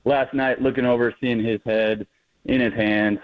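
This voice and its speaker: A middle-aged man calling into a radio show, speaking in a halting, heartfelt way with a down tone. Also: mid-range voice, fairly even intonation. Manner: halting, heartfelt, many uhs. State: downcast. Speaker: caller. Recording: phone line.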